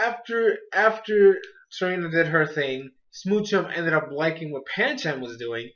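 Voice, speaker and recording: A man talks through an episode review in a loose, rambling way, full of fillers and amused asides. His voice sits a bit high for a man. The recording is muffled and lo-fi. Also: a bit bright. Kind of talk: casual spoken review.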